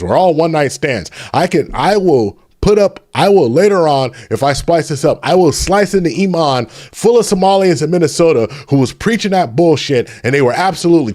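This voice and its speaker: A middle-aged man hosting a livestream, ranting heatedly and preachily with many restarts, then talking quietly to his chat. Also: a little high. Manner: drops to soft, pleading tone addressing chat. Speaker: channel host. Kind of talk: livestream commentary.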